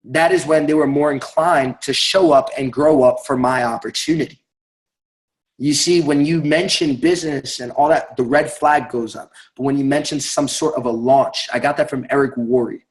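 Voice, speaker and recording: A young man giving an energetic motivational sales talk, emphatic and fond of tagging lines with "right?". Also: mid-range voice, normal speed, poor audio. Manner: energetic, emphatic, repeats words and asks "right?". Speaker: network marketing speaker.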